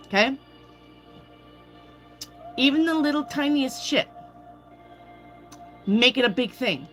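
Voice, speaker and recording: A woman's voice: sits high, sing-song, slow pace, pauses often, fairly bright tone, faint music behind. A woman giving a casual live tarot reading, chatty and swearing freely as she calls out viewers by name. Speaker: tarot reader.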